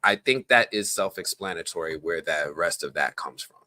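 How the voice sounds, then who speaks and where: A man's voice: low voice, normal speed, no echo. A man from the Bronx hosting a live stream, chatting casually and rambling off on tangents. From the Bronx, New York. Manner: animated, rambling, goes off on tangents.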